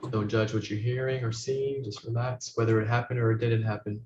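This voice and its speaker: A man teaching as a spiritual guide, talking listeners through a meditation in soft, slow, repeated phrases that often sink to a hush. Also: medium pitch, level tone. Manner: soft-spoken, slow, repetitive guidance, often dropping to a hush. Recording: roomy, dull recording with faint noise.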